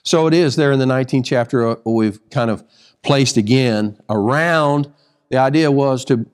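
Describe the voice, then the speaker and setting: A man's voice: fairly high pitch, a little mellow. A man teaching a Bible study sermon, emphatic, reading scripture aloud and often restarting phrases.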